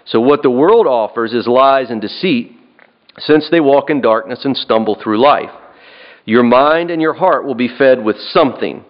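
A man's voice: mid-range voice, moderate pace. Earnest male preacher, dull lo-fi sound. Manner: earnest, repeats and restarts phrases, asks "right?". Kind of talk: sermon. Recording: dull lo-fi recording.

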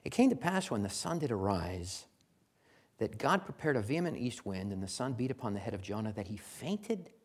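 A man preaching a sermon in a folksy, conversational way, chuckling now and then and building to loud, emphatic declarations. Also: on the low side, husky.

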